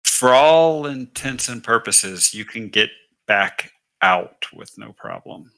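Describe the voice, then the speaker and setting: A man's voice: medium pitch, slow, low-quality recording. A man narrating and explaining rules as dungeon master of a tabletop game. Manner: relaxed, explains rules step by step.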